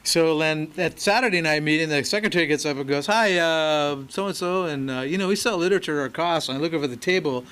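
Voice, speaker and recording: A man's voice: fairly high pitch, fast talker, few pauses, a bit bright, clear, resonant tone. A man speaking at a recovery meeting, telling a personal story in a laid-back way to a live audience, with many fillers and quoted dialogue. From Los Angeles area. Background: audience laughter.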